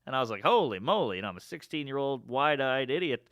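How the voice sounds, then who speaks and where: A man's voice: mid-range voice, quick pace, clean tone, no echo, studio quality. A man telling a funny story in casual chat, acting out the people he quotes. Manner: animated, acts out quoted lines. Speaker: storyteller guest.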